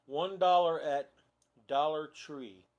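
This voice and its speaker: A man's voice: on the high side, steady tone, slow, muffled recording. A man chatting casually on a phone live video, easygoing and rambling with lots of fillers. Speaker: vlogger. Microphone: phone camera propped nearby.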